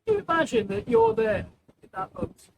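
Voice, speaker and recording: A man preaching a sermon in a high, lively voice that climbs and falls, acting out the people of the story. He takes his time, and his voice has a gravelly edge. The recording carries clear leftover noise from heavy filtering. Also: normal speed. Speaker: pastor. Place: church service, sound reduced. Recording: background noise, wind filtered out.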